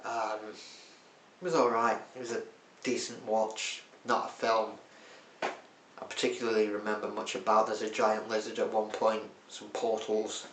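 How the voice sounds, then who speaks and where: A film reviewer runs through a casual monthly roundup, adding wry, self-mocking asides, recorded in an echoey room with slight background noise. His voice is fairly low and a bit bright, with a level tone and measured pace.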